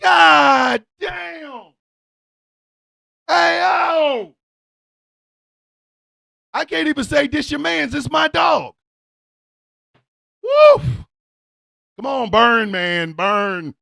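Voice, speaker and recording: A male radio host with a strikingly high, gravelly voice that leaps all over the place. He drags his words out slowly in a dry, close sound, yelling and cursing through a comic rant. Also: expressive, no room sound.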